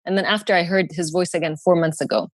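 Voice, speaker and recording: A woman's voice: fast talker, dry recording, studio quality. A young woman, a podcast guest telling a personal story with animation, and she acts out the other people's lines. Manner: animated, acts out quoted voices in higher pitch.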